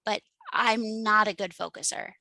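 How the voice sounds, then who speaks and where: A woman's voice: medium pitch, fairly even intonation, measured pace, sharp tone, dry recording, poor audio. A woman from Western New York, a guest author chatting on a podcast in a scattered, self-deprecating way, full of ums and uhs. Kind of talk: casual podcast chat.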